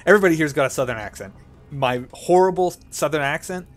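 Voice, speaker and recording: A man's voice: fairly high pitch, lively intonation, brisk, soft background music. Canadian man, chatty let's play commentary. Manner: chatty, self-mocking, giggly.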